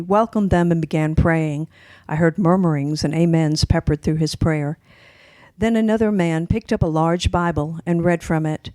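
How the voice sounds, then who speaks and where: A woman author reading her own memoir story aloud, measured, slowing over descriptive passages. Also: fairly low pitch, darkish tone, dry recording.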